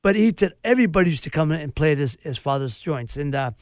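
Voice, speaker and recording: A man's voice: on the high side, lively intonation, fast, darkish tone, no echo, clean studio sound. A middle-aged man hosting a casual interview chat, rambling and repeating himself with eager interjections. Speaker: host.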